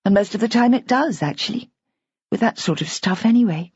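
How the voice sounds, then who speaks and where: A woman's voice: medium pitch, expressive, fairly quick, a little mellow, slightly rough, dry recording, voice pushed up. A woman voicing an anxious young bride in an audiobook, talking in a rambling, upset way. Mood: pleading. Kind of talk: audiobook character voice. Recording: dull, lo-fi audiobook recording.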